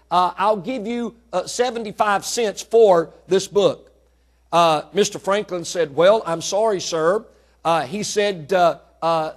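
A man preaches, his voice sitting high for a man. He stretches out key words slowly and lets his volume swell as he drives a point home in the sermon.

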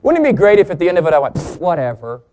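Joking, lively male preacher, higher voice. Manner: lively, joking, pitch swings for emphasis; slows and stresses key words. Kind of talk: sermon with jokes.

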